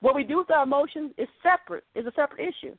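A woman's voice: high-pitched, rapid-fire, dry recording. Woman preaching over a phone-like line. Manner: earnest, conversational preaching. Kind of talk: podcast sermon. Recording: dry, phone-like narrow sound.

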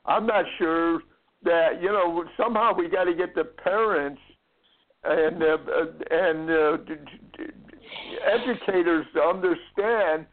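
An earnest tennis coach speaks haltingly and often breaks off to restart his words. His voice sits a little high and comes through a tinny, phone-like line. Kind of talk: casual conversation.

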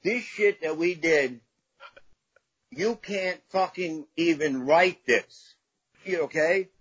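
A middle-aged man with a husky, slightly rough voice tells rambling stories full of swearing, like a guest comedian chatting freely on a podcast. The recording sounds dull and a little lo-fi. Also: on the high side, takes it slowly, fairly bright tone, dry recording. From Staten Island, New York. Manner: profane, rambling anecdotes. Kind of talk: casual podcast storytelling.

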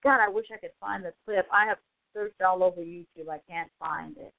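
A woman hosting a casual talk show, telling a story in an animated way and acting out the quotes, sounding exasperated. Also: fairly low pitch, fairly quick, gravelly, no room sound. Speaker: show host. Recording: phone-like dry audio.

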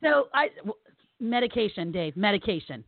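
A woman's voice: mid-range voice, normal speed, dry recording. A woman co-hosting a podcast, telling funny family stories with laughter and acted-out quotes, recovering from surgery and on pain meds. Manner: animated, laughing storyteller acting out quotes. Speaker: podcast co-host. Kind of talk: casual storytelling chat. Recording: tinny phone-like line.

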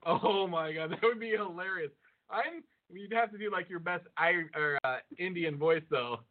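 A man co-hosting a podcast in excitable, profane casual banter, laughing often. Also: high-pitched, normal speed. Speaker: podcast co-host. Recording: phone-like lo-fi audio.

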